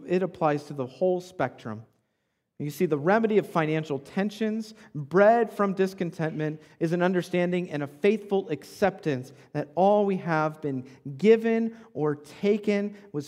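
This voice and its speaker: High-voiced pastor preaching in a reverberant hall. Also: male voice, darkish tone. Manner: conversational preaching with frequent tag questions. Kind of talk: sermon.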